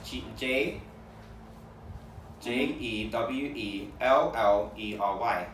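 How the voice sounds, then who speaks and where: A man's voice: lowish voice, slow, a bit bright, reverberant, recorded from a distance, a little hiss or hum, low-quality recording. A man, a guest in a lesson, giving short answers and spelling words letter by letter.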